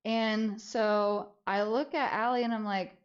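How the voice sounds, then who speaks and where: A young woman streamer casually telling a story, animated and swearing freely, acting out the voices of people she quotes. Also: medium pitch, measured pace. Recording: slightly dull lo-fi audio.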